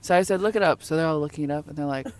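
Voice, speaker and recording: A woman's voice: sits low, racing, a little hiss or hum. Young woman telling a story, laughing. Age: young adult. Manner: laughing, animated storytelling with quoted voices. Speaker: podcast guest. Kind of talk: casual storytelling chat.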